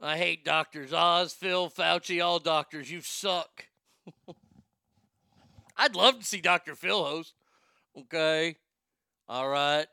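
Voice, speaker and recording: A man with a high, bright voice and a gravelly edge hosts a casual commentary show. He talks bluntly and swears freely, joking his way through posts he reads aloud. The sound is smooth and dry. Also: slow, long pauses, no echo. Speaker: show host.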